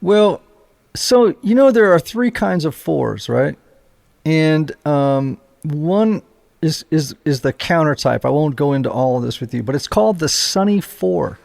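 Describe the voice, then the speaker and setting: A man's voice: on the high side, lively intonation, unhurried, creaky, a little mellow. A man hosting a podcast, explaining ideas to his guest in a thoughtful, conversational way. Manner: thoughtful, explaining with fillers and restarts. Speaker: podcast host. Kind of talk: conversational interview.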